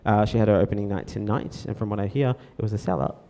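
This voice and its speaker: A man's voice: on the low side, fast, mellow. An Australian man hosting a live comedy show, loose and rambling, with lots of fillers and swearing. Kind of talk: casual stand-up banter. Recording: live room with long reverb.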